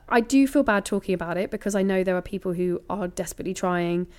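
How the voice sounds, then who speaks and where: A woman in her thirties, a comedian being interviewed, talking candidly and reflectively, often lively and laughing. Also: medium pitch, fast, clean tone.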